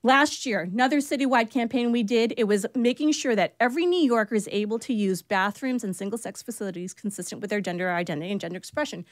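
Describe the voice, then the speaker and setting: Fast, emphatic woman guest in a radio studio. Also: mid-range voice, no echo. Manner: passionate, rallying, emphatic. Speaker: city human rights commissioner, guest. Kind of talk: radio interview. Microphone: studio microphone.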